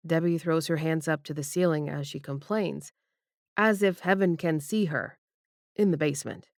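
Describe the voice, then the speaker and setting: Low-voiced woman reading a romance audiobook. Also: normal speed, vocal fry, dry recording, clean studio sound. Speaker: audiobook narrator. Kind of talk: first-person romance audiobook narration.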